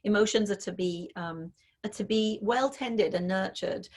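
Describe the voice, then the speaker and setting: A woman's voice: medium pitch, a little slow, darkish tone. A woman author being interviewed over a video call, thoughtfully explaining parenting ideas through examples, with frequent fillers. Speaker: author and parenting expert guest.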